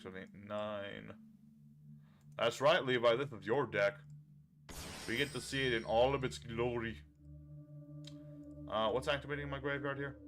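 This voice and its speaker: A man streaming himself playing a card game, chatting casually with viewers and thinking his moves through out loud. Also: medium pitch, slight background noise. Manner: chatty, thinks aloud and talks to chat.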